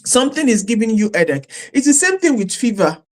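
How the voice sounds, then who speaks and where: A woman's voice: a little high, very animated, brisk. A woman life coach leading a live-streamed session, who repeats her questions to viewers and stresses the words she lists. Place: streaming live at home or studio.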